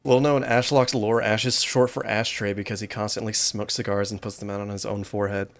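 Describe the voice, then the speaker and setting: A man's voice: lowish voice, level tone, fairly quick, gravelly, soft background music. A man streaming a horror game, commenting with joking, self-deprecating asides.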